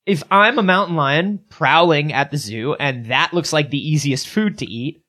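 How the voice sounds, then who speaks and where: A man co-hosting a comedy podcast, telling bits playfully and animated. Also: fairly high pitch, normal speed. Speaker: podcast co-host. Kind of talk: improv comedy chat.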